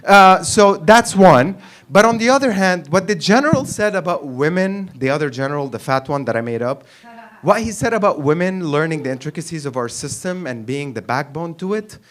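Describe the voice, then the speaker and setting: A man's voice: fairly high pitch, normal speed, hardly any pauses. A man performing a crude, rambling stand-up comedy set on a club stage with a handheld mic, from the Arab world. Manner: brash, crude, rambling and animated.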